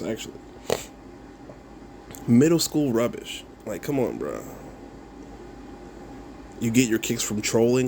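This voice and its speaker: A man's voice: medium pitch, slight background noise. Mocking man ranting at online critics. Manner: mocking, laughs often, swears, repeats himself. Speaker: content creator replying to comments. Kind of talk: casual video rant.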